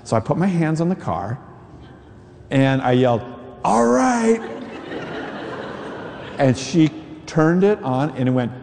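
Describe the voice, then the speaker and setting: A man's voice: mid-range voice, expressive, normal speed, long pauses, mellow, long reverb tail, slight background noise. A man preaching a sermon who tells a personal story and acts out the voices in it.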